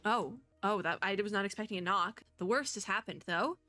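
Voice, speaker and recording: Her mid-range voice moves a little fast as this young female VTuber plays a story game. Giggly and talkative, she reads out the characters' lines, sprinkling excited asides between them.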